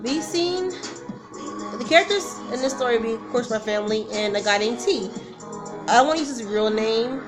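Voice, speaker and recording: A woman telling a personal story in a casual vlog, rambling, nervous and emotional, often breaking off mid-sentence. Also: mid-range voice. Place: at home with a song playing. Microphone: camera mic. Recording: music playing loudly in background.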